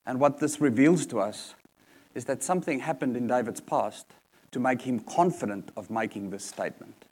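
A man's voice: mid-range voice, moderate pace, darkish tone. A man preaching a sermon in an earnest manner, repeating key points for emphasis.

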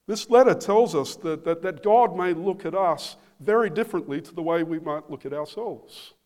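A man preaching a sermon, slow and emphatic, repeating phrases for weight. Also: a little high, a little mellow. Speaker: pastor.

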